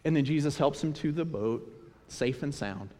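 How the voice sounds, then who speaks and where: A man preaching a sermon, his voice sitting a little high. He tells scripture and childhood stories in an animated way. A long hall reverb trails his words. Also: moderate pace. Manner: storytelling, animated retelling of scripture. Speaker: pastor.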